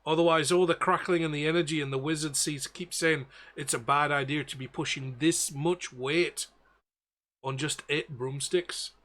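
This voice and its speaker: A man's voice: fairly high pitch, steady tone, normal speed, fairly bright tone, natural voice. A man doing a blustering Belfast sea captain. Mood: gruff. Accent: Belfast, put on. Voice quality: rough, self-admitted poor accent. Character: gruff male ship captain, worried and blustering. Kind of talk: tabletop game character voice.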